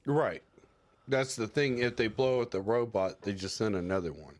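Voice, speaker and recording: A man's voice: on the low side, normal speed. A man co-hosting a casual podcast who jokes and rambles, often acting out quoted lines. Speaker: podcast co-host. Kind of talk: casual chat.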